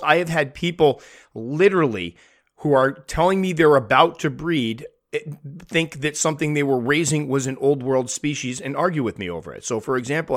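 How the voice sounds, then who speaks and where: Candid man hosting a hobby podcast. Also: mid-range voice. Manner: candid, animated, acts out quoted people. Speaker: podcast host. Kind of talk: casual podcast monologue.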